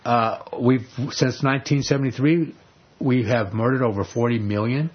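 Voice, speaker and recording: A man teaching a Bible passage in a casual sermon, telling the story with animated energy and repeating words. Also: medium pitch, normal speed, slightly rough. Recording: dull lo-fi recording.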